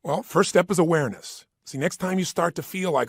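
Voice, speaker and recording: A man's voice: on the high side, fairly quick, gravelly, few pauses, breathy edge, no echo, clean studio sound. A man giving an emphatic motivational talk, acting out the voices in people's heads. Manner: emphatic, acts out inner voices. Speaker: motivational speaker.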